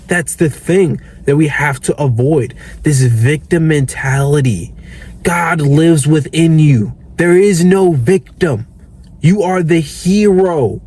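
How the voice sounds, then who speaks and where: A man's voice: on the high side, darkish tone, husky. A young man giving an earnest, preachy motivational monologue as a self-improvement coach, swearing casually.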